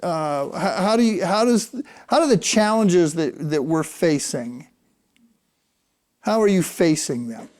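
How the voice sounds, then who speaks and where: A male interviewer asks questions on stage in a searching, halting way, restarting his sentences. His voice is high for a man and clear and smooth. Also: lively intonation, a little mellow.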